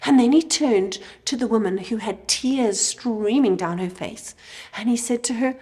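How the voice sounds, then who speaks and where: Expressive woman telling a kids' Bible story. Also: a little high, measured pace. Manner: expressive, drops to a whisper for emphasis. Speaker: children's church teacher. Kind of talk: Bible storytelling lesson for children.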